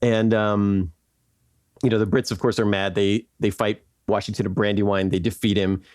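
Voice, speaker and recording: A man with a somewhat low voice tells history as podcast host, rambling casually with frequent fillers and quick laughs. His voice is recorded close and dry, with no room sound. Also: level tone, darkish tone, dry recording. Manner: rambling, laughs often, lots of "like" and "right?".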